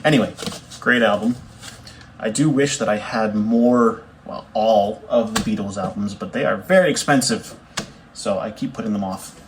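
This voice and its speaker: A young man, a bassist chatting casually to camera in a rambling, easygoing way with fillers and self-corrections. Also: normal speed, a little hiss or hum. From Canada. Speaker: bassist showing his record collection.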